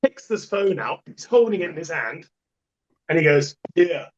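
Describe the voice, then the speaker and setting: A man's voice: a little high, big pitch swings, normal speed, a little hiss or hum. Emphatic man telling stories, dull lo-fi sound. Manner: emphatic, repeats himself for effect. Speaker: portable toilet supplier, podcast guest. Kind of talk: casual storytelling.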